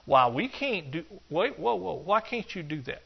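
A man preaching a sermon, animated and joking, acting out excuses in a higher voice. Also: normal speed, vocal fry, husky. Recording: dull lo-fi sound.

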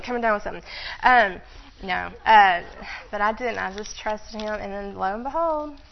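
A woman teaches from the Bible in a loose, conversational sermon, often laughing and wandering into side remarks. Her voice sits at a middling pitch. The recording is a little dull and lo-fi. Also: measured pace, vocal fry. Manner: chatty, laughs often, frequent asides. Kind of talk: informal sermon.

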